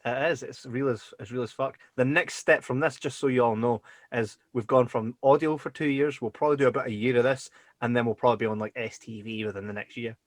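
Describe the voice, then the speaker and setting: A man's voice: mid-range voice, quick pace, no echo, clean studio sound. A Scottish man co-hosting a podcast, chatting casually and jokily, swearing freely. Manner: swears freely, lively and jokey. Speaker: podcast co-host.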